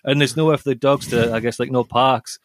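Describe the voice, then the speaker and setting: A man's voice: medium pitch, steady tone, a little fast, no echo. Rambling young man telling stories. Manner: rambling, says 'like' a lot, laughs while telling stories. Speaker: podcast co-host. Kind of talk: casual chat, storytelling.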